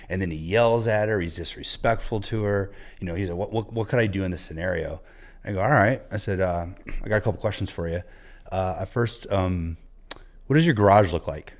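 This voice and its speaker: A man's voice: low-pitched, normal speed. A man on a podcast giving earnest coaching advice, retelling a conversation he had. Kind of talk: casual advice talk.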